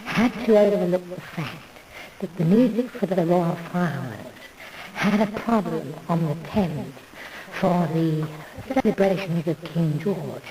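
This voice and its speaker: A woman's voice: fairly low pitch, animated, unhurried, distant mic, a crowd in the background, low-quality recording. A woman in a meandering, digressive monologue who loses her thread. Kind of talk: rambling monologue.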